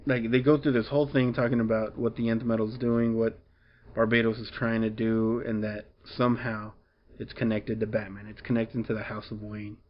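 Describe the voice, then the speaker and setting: A man's voice: on the low side, flat delivery, moderate pace, lo-fi sound. A man casually recapping a comic book story, rambling along with lots of fillers and restarts.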